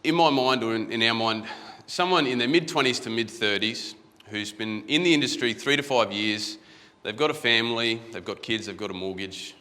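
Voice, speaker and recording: A man's voice: mid-range voice, normal speed, hardly any pauses, bright, forceful tone. Australian man speaking in an echoey hall. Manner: conversational, anecdotal, repeats words when restarting. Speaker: conference guest speaker. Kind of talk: storytelling conference talk. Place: large conference hall.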